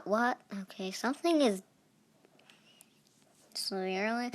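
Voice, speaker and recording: A young woman chats through her gameplay, her voice bright and clear. She talks at an unhurried pace, breaking into playful exclamations as she reacts to the game. It is casual, chatty commentary from a gaming channel host. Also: mid-range voice.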